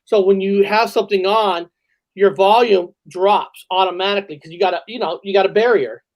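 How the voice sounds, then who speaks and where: A hard-of-hearing man hosts a casual chat. He sounds earnest and talks haltingly, restarting his sentences again and again. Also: sits high, low-quality recording. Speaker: host.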